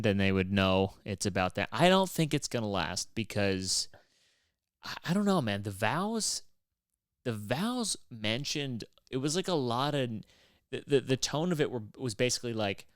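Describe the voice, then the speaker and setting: Man, podcast host, casual rambling monologue, smooth clear voice, dry close mic, wry and swearing. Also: medium pitch, no echo. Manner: loose and profane, with many fillers and restarts; wry and exasperated.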